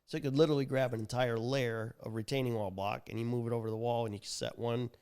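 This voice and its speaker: A man's voice: medium pitch, fairly even intonation, fast talker, a little mellow, clean tone. A man chatting on a podcast with a mid-range voice. He talks up his tools with a salesman's enthusiasm and tells customer stories. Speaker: tool company representative. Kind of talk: casual podcast chat.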